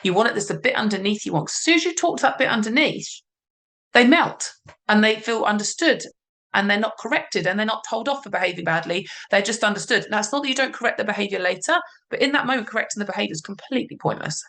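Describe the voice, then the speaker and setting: A woman parenting coach explaining calmly in a podcast conversation, sometimes voicing what a parent or child might say. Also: medium pitch, quick pace. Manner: calm, explanatory, acts out parent and child lines.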